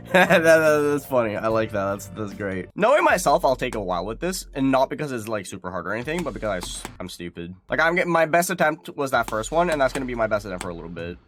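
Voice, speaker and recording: Animated gaming streamer man, excitable. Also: mid-range voice, fast talker, soft background music. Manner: excitable, swears, bursts into laughter and shouts. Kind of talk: casual streaming commentary.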